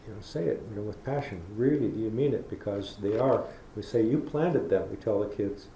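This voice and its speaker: A man's voice: on the low side, fairly quick, warm tone. A middle-aged man giving a public talk, telling folksy stories and acting out how he talks to children. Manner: storytelling, folksy, acts out talking to kids. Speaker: public lecturer. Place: university lecture hall. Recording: echoey lecture hall with faint noise.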